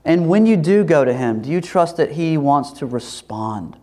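A pastor preaching a sermon in a lively, animated way, acting out voices as he tells the story. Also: on the high side, normal speed. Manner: animated, acts out quoted voices, laughs.

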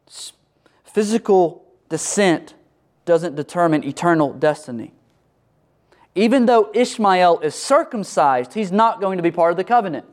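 A middle-aged male pastor preaching a sermon, animated, acting out the voices of biblical figures and church members. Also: sits high, a little slow.

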